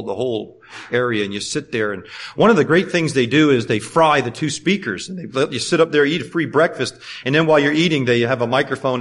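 A middle-aged man with a mid-range voice preaches a sermon, swinging between loud, fervent exhortation and quiet, conversational storytelling.

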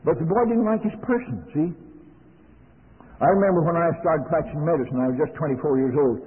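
A man's voice: on the high side, brisk. An older man preaching a sermon in a plain-spoken, folksy way, telling homely stories to make his points. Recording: lo-fi narrow-band recording in a reverberant hall.

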